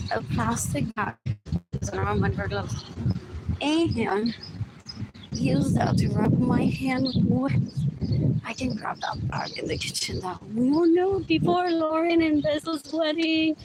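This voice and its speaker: A woman hosting a live stream, rambling on in a monologue, repeating herself, dropping in Spanish words and now and then breaking into shouts. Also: sits high, slow pace, pauses often. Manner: repetitive, keeps asking "what else?", bursts into shouts. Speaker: livestream host. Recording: loud background noise.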